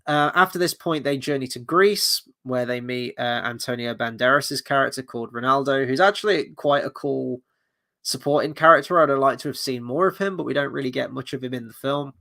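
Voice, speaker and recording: A man's voice: mid-range voice, a little fast, gravelly, sharp tone. A man hosting a film review, ranting casually and bluntly, profane and rambling with many restarts, tired late at night.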